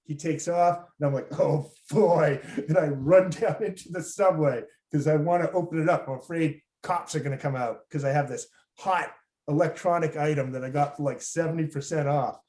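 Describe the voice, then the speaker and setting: A man's voice: a little high, fairly quick, darkish tone. A man from Los Angeles hosting a storytelling show, telling a personal story in a loose, rambling way full of fillers. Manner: rambling, many fillers and restarts. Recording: roomy echo.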